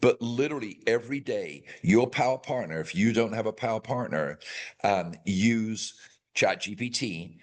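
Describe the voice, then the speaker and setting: A man with a slightly low voice leads a real estate team's training session. He speaks emphatically, drives his points home with repetition and motivational promises, and keeps checking in with his listeners. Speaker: real estate team coach.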